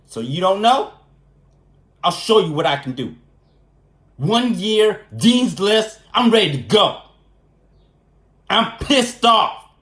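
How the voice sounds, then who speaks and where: A man ranting to the camera in a casual vlog, indignant and worked up, hammering the same phrases again and again. His voice sits high and swings widely in pitch. The room around him rings with echo. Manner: animated and indignant, repeats phrases for emphasis. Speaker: vlogger. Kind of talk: casual storytelling rant.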